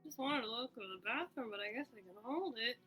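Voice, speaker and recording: A woman's voice: fairly high pitch, expressive, a little fast, pushed and bright, soft background music. A woman playing a tabletop game, casual and giggly. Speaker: player. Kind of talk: casual play.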